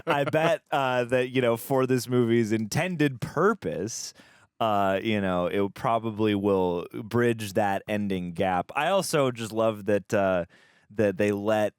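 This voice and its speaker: A low-voiced man talks through a film he just watched, rambling and restarting his sentences as he goes. The sound is dry and close, with no room echo. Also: clean tone. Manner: rambling, halting, many fillers and restarts. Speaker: movie reaction co-host. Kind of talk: casual chat.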